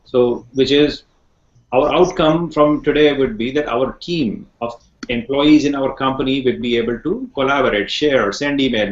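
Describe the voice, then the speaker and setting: A man teaching an online class on a video call, rambling a little, repeating words and asking his students questions. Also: medium pitch. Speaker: instructor. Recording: echoey, muffled video call audio.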